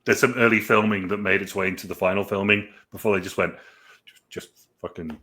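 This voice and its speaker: A man's voice: fairly low pitch, steady tone, fast talker, sharp tone. A man co-hosting a casual movie review chat, dry and casually swearing.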